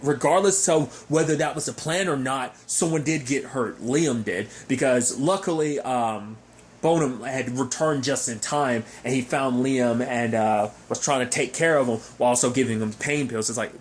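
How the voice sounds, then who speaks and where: A man casually recapping a TV episode, rambling and animated, with frequent fillers and restarts. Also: mid-range voice, fairly quick, slight background noise. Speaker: TV show recapper.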